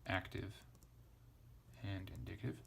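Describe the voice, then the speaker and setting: A man's voice: deep voice, steady tone, unhurried, gravelly, fairly bright tone, slight background noise. A man teaching a casual lesson, thinking aloud as he spells out letters and parses a text. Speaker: Greek teacher.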